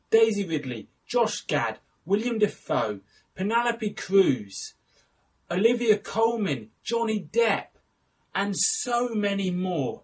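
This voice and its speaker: A man's voice: fairly high pitch, breathy edge. A young man hosting a casual film review, chatty and enthusiastic, correcting himself as he goes.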